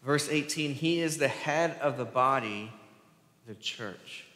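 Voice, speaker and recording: A man's voice: medium pitch, slow pace, pushed and bright. A male pastor preaching a sermon, asking the congregation questions and answering them. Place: church sanctuary. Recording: roomy church hall with long reverb.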